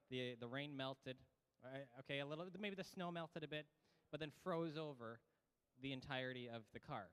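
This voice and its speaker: A man's voice: on the high side, a bit bright, big-room sound. A man giving a casual, joking orientation talk to new students as the college's academic integrity officer. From Canada. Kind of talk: orientation presentation.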